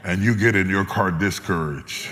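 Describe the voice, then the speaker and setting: A man preaching a sermon as a guest preacher, swinging between loud, soaring lines and hushed, low ones. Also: normal speed. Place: large church auditorium with live congregation. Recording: echoey hall with loud congregation.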